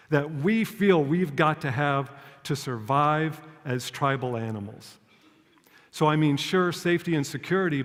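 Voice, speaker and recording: A man delivers a prepared public talk at a measured pace, telling stories and posing rhetorical questions. His voice sits fairly high for a man. The sound carries a long reverb, as if the talk was recorded in a large hall. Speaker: public speaker.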